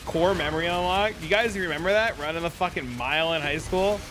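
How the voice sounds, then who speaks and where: A man's voice: fairly high pitch, fairly quick, background noise. A man streaming, telling rambling, profane stories in casual chat. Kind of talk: casual storytelling.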